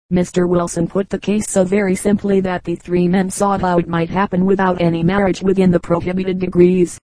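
A woman reading a book aloud in even, measured narration. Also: on the low side, no room sound, rough recording. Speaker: audiobook reader. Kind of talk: scripted narration.

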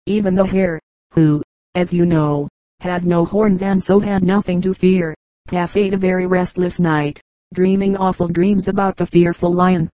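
Female audiobook narrator, measured, mellow and dry. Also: fairly low pitch, no echo, poor audio. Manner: measured, steady reading. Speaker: audiobook reader. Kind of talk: scripted storybook narration.

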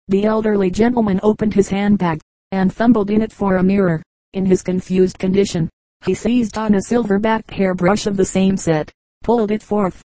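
A woman reading a collection of humorous anecdotes aloud in an even, measured storytelling manner. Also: medium pitch, no room sound, poor audio. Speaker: audiobook reader. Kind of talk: scripted narration of humorous anecdotes.

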